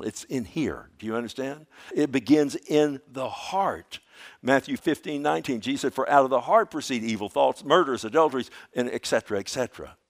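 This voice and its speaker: A man preaching a sermon to his church. He asks rhetorical questions and reads scripture aloud, swinging between loud emphasis and a hushed, slow delivery. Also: medium pitch. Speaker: pastor.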